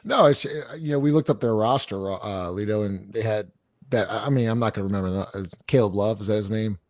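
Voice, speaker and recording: A man hosting a sports podcast, leading the chat in a relaxed, explanatory way with plenty of "uh" and "you know" as he works through his points. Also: lowish voice, brisk, no room sound, clean studio sound. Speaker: podcast host. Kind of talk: casual sports talk.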